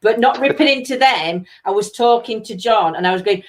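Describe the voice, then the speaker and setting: A woman's voice: fairly high pitch, a little fast. Middle aged yorkshire woman chatting on a livestream, laughs a lot, tells stories. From East Yorkshire, England. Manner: chatty storyteller, laughs often. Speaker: livestream co-host. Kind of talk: casual chat.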